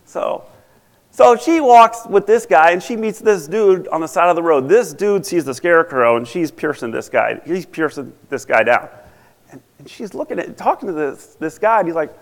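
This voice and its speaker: Man, conference speaker, breezy slangy storytelling, somewhat high voice, echoing hall. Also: lively intonation, moderate pace. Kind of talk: playful storytelling.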